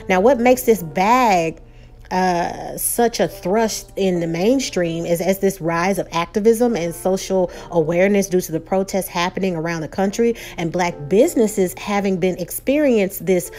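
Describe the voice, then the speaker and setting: Chatty woman recapping a show. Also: on the low side. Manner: chatty and animated, frequent "you know" and restarts. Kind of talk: casual recap commentary.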